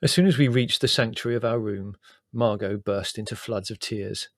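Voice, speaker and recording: A man's voice: fairly low pitch, normal speed, dry recording. A man reading a comic memoir aloud in a wry, dry and understated storytelling manner. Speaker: narrator.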